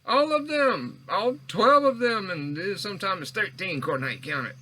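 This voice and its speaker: A man rambles into a small recorder, losing his thread and restarting over and over. His voice sits high and bright, leaping up and down as he talks. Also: expressive, normal speed, poor audio. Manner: meandering, stammering, frequent restarts and self-corrections. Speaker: vlogger. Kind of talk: rambling monologue. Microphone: handheld recorder.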